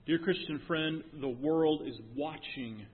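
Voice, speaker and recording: Guy preaching a sermon, gets loud then goes quiet, sounds thin like over a phone, big echoey church. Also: on the high side, measured pace, slightly rough. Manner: emphatic preaching, rising to near shouts and dropping to hushed tones. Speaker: pastor. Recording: phone-like sound with long hall reverb.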